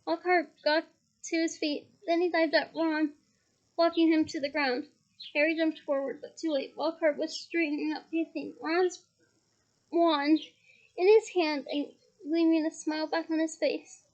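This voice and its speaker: A woman reading a novel aloud in a steady storytelling manner with small restarts. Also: sits high, unhurried, dull audio. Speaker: reader.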